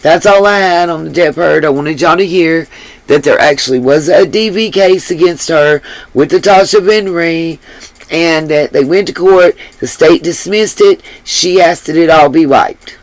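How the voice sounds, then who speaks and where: A woman's voice: sits low, a little slow, no echo. A woman hosting a commentary channel, ranting in an angry, profane and blunt way, though she apologizes for her harsh tone. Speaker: YouTube commentary host.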